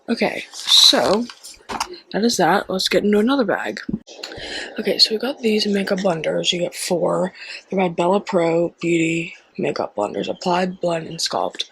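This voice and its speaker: Chatty woman with a gravelly edge. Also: lowish voice, measured pace, low-quality recording. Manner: chatty, excitable, with frequent "like" and "so we got her". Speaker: haul vlogger. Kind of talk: casual product haul chat.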